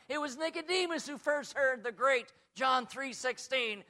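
American preacher guy, high bright voice, goes soft then shouts. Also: moderate pace, hardly any pauses. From United States. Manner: swings from soft asides to shouted high emphasis. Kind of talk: sermon.

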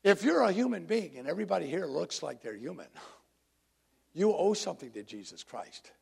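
A man's voice: high-pitched, big pitch swings, a little fast, vocal fry, a little mellow, slightly rough. A man preaching a sermon to his congregation in a conversational way, drawing listeners in. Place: church congregation.

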